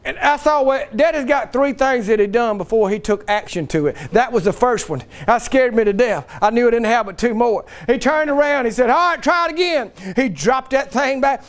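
A man's voice: very high-pitched, normal speed, hardly any pauses. A male pastor preaching a sermon in a folksy, emphatic storytelling way in a church.

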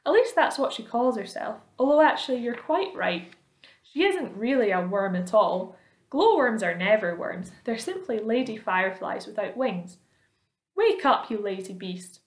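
A woman doing a bossy shouting centipede. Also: fairly high pitch, very animated, moderate pace. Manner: shouting and scolding. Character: bossy loud male centipede, grumpy. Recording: roomy echo.

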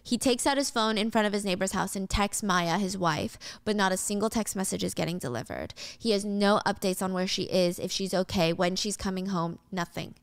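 A woman's voice: mid-range voice, fairly quick, few pauses, clean tone, no room sound. Chatty woman retelling a film plot. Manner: chatty, vivid scene-by-scene retelling. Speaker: host recapping a film. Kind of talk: casual storytelling recap.

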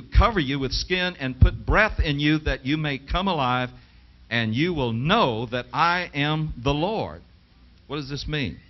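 A middle-aged man preaching a sermon and reading scripture aloud. He speaks with emphasis and asks the audience rhetorical questions. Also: on the high side. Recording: dull lo-fi 1980s television broadcast.

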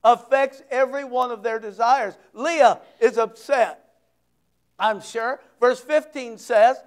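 A man preaching a sermon as pastor, conversational and joking, swinging between loud and hushed. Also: very high voice, steady tone, slow pace, smooth.

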